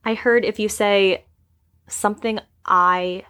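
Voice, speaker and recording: A woman's voice: medium pitch, steady tone, takes it slowly, fairly bright tone, clean tone. A woman co-hosting a podcast, reacting with bubbly laughter and chatty asides. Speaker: podcast co-host. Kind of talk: casual chat.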